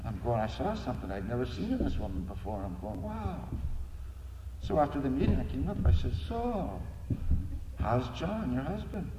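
A man's voice: medium pitch, big pitch swings, brisk. A middle-aged man giving a personal recovery testimony, earnestly telling his story and acting out the dialogue in it. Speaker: recovery meeting speaker. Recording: echoey hall with noise.

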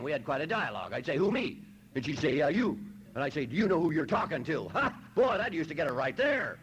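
A man from Los Angeles telling his own story at a recovery meeting, wry and self-mocking, often saying "you know" and clearing his throat. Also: fairly high pitch, fairly bright tone, a little hiss or hum, poor audio. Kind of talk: humorous personal testimony.

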